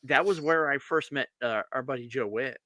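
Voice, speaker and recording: A man's voice: mid-range voice, moderate pace, no echo. A man co-hosting a podcast, chatting casually over beers and acting out the people in his stories. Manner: animated storytelling, acts out quotes. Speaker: podcast co-host.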